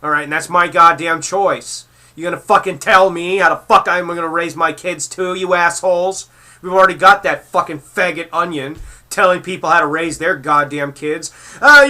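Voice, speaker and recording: A man tears into his target in a heated, foul-mouthed rant. His voice sits a bit high and rings very bright and sharp, mocking and cutting as he goes. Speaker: commentary vlogger. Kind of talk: angry rant reacting to clips.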